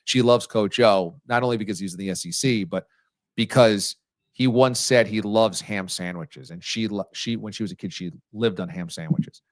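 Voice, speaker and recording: A male sports radio host telling stories casually, animated and teasing, with sudden jumps in his voice. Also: lowish voice, moderate pace, no room sound, clean studio sound. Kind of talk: casual storytelling on a sports talk show.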